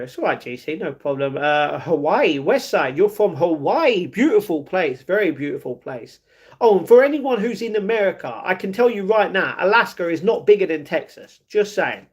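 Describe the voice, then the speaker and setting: London guy, young, high voice, easygoing livestream host reading chat. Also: animated, moderate pace. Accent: London English. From England. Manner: chatty, reads comments aloud and answers them. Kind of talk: casual live chat.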